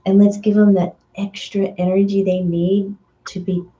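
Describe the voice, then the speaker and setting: A woman medium giving a spiritual energy reading, talking in a dreamy, searching way with many fillers and now and then acting out voices in sudden high bursts. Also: flat delivery, moderate pace, warm tone, muffled recording.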